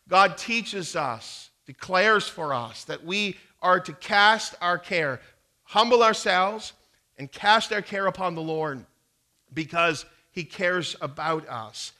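A man's voice: a little high, sharp tone. A man preaching a sermon, earnestly reading scripture aloud and explaining it, with frequent restarts. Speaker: pastor.

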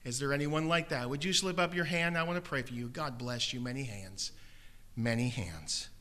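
A man preaching a sermon as pastor, his voice very bright and a touch higher than most men. He tells stories with gentle humor and pleads warmly with his listeners in the auditorium to raise a hand for prayer. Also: fast talker. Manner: storytelling with gentle humor, pleading altar call. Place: church auditorium.

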